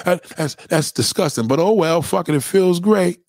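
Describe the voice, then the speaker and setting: In a dry, clean studio recording, a middle-aged man speaks fast as he fields livestream viewers' questions with a blunt, crude rant. He's profane and animated, and his pitch swings high and low.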